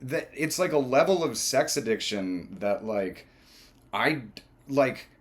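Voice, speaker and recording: A man co-hosting a casual reaction chat, rambling loosely with lots of fillers and quick laughs. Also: mid-range voice. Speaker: co-host.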